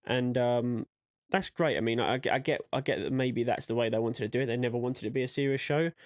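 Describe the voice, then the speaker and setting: A man's voice: medium pitch, a little fast. A man co-hosting a podcast in casual chat, rambling and acting out quotes as he goes. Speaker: podcast co-host.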